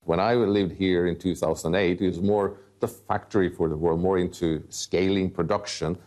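A man's voice: deep voice, fairly even intonation, normal speed, a little mellow. A man executive answering interview questions off the cuff, hesitant, with fillers and restarts.

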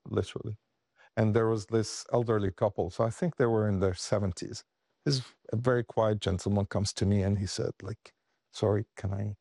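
A man as an interview guest, telling a personal story earnestly, halting and restarting as he grows emotional. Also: fairly low pitch, gravelly, dark tone, dry recording, studio quality. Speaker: interview guest, refugee aid worker.

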